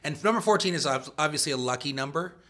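Man, band guest, rambling casual chat, very bright tone. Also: fairly high pitch, expressive, fast.

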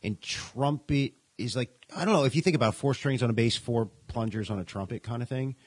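A man with a husky, slightly rough voice talks loosely on a podcast. He rambles, laughs a lot and swears without a care. The sound is close and dry, with no room echo. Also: medium pitch, fairly quick. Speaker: podcast co-host. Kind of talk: casual chat. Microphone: podcast mic.

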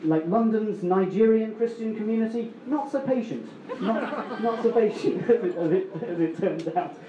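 A man's voice: high voice, moderate pace, roomy sound, highs cut off, background noise. A man telling a story on stage at a story slam, rambling and self-mocking with many restarts. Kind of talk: live storytelling.

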